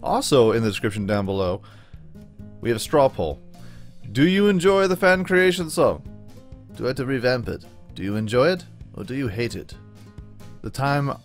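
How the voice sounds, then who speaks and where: A man hosting a let's-play, chatting casually in slang, rambling and talking to himself as he plays. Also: medium pitch. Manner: excitable, slangy, rambling, talks to himself while playing. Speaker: gaming channel host.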